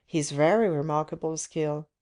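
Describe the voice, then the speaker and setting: A proud, bitter young man, as a female reader voices him, turns his thoughts over in a low, mellow voice. The tone stays inward and brooding, the way an audiobook reads a character's private musing. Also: normal speed, lightly acted.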